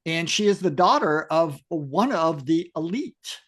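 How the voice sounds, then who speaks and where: Man, podcast co-host, slow halting speech, low voice, lively pitch. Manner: halting, many "uh" fillers. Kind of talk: casual chat about a comic.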